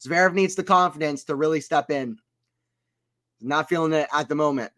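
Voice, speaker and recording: A man with a fairly high voice speaks a little fast, giving casual play-by-play on a tennis watchalong stream. Between points he chats with viewers and reads their chat aloud, and he gets loud on big shots.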